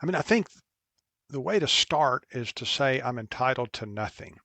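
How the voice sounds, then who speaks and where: A man speaking as a guest in a conversation, earnest and measured. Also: medium pitch, lively intonation, bright, forceful tone, dry recording. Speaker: guest, business owner. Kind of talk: casual conversation.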